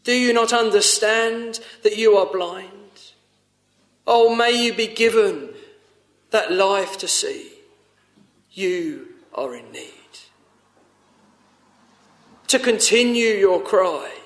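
A man's voice: high-pitched, takes it slowly, long pauses, a bit bright, echoey room. A man preaching a sermon, earnest and pleading, rising to urgent appeals. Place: church.

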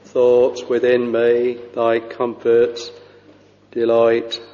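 A man preaching a sermon in a slow, halting way, with many pauses and fillers. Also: mid-range voice, monotone, mellow. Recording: dull lo-fi recording with long hall reverb.

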